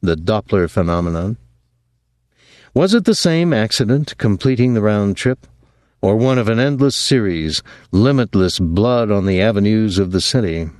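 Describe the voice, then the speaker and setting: A man narrating an audiobook in a measured, even storytelling voice. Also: lowish voice, no room sound, clean studio sound. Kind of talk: scripted narration.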